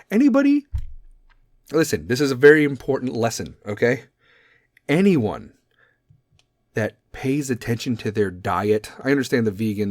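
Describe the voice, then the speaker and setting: A man hosting a podcast, ranting comedically in a profane, animated way. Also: mid-range voice, no echo, clean studio sound. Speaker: podcast host. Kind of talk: comedic rant.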